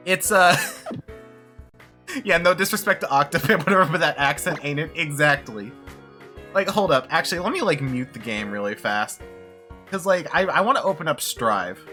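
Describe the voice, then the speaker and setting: A streamer chats casually during a video game stream, rambling, swearing and often laughing. The voice is medium-pitched, pushed and bright.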